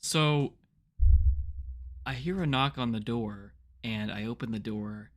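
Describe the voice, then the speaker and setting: A young man co-hosting a podcast, improvising an absurd story in a deadpan way. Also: medium pitch, slow pace. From Canada. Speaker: podcast co-host.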